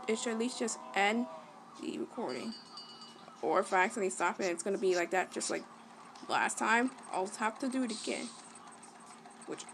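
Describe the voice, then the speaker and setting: A woman giving casual let's-play commentary, excitable, gasping and exclaiming at the game. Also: medium pitch, a little hiss or hum. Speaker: gaming channel host.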